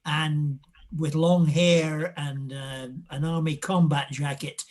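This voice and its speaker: An older actor from Scotland in his seventies, talking in polished British Received Pronunciation with a fairly high voice. He spins anecdotes in a lively way and breaks into laughter often. He is on a video call. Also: slow pace. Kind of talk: casual chat.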